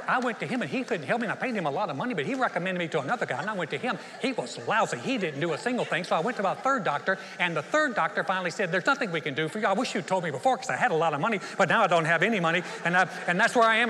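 A man's voice: high-pitched, expressive, rapid-fire, few pauses, sharp tone. A man voicing a chatty woman who rambles through a long-winded story, heard in a large reverberant hall. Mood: rambling. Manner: rambling, talks on and on.

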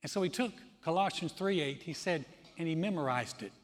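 A pastor preaches with animated storytelling, slipping into the voices of the people in his stories. His voice sits a little high for a man, and a long reverb trails each phrase through the hall. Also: brisk. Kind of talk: sermon.

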